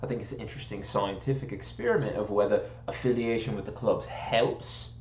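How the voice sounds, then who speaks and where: A man's voice: on the low side, brisk, a little mellow. An American man in casual, rambling chat, mocking himself and joking about slipping into a posh British accent. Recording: echoey room.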